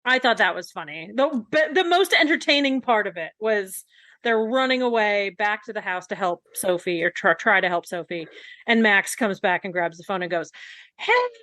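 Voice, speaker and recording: A woman's voice: mid-range voice, normal speed, sharp tone, no room sound. A woman co-hosting a podcast, giving her opinions bluntly and emphatically. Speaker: podcast co-host. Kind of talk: casual podcast chat.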